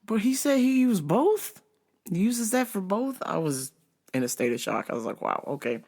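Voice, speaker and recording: Animated, profane woman telling stories. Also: medium pitch, moderate pace. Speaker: host. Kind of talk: casual comedic storytelling.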